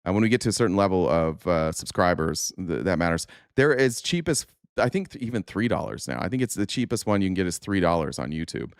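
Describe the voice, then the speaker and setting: A man on a live stream stops to thank viewers and explain subscriptions, pausing often with ums and uhs. His delivery is relaxed and unpolished, recorded close and dry. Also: low-pitched, clear, resonant tone, no echo. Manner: halting, many fillers. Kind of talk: live-stream housekeeping chat.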